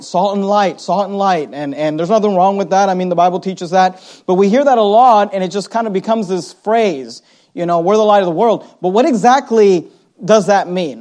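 A man preaching a sermon as pastor, reading scripture aloud and slowing down to stress key words. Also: sits high, darkish tone. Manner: reads scripture aloud, slows down for emphasis.

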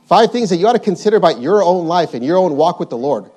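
Male preacher, fairly high voice, emphatic sermon delivery, repeats key phrases. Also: expressive, fast, a little mellow. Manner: repetitive, emphatic, reads scripture aloud.

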